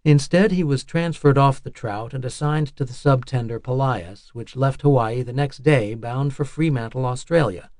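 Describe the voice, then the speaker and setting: A man's voice: mid-range voice, normal speed, hardly any pauses, a little mellow, no echo. Man narrating an audiobook, dry sound.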